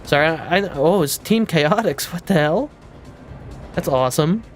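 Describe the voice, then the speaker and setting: A young man streaming a game, talking casually and excitedly, swearing freely. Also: fairly high pitch, normal speed, over music. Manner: baby-talk to his cat. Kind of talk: casual live-stream commentary.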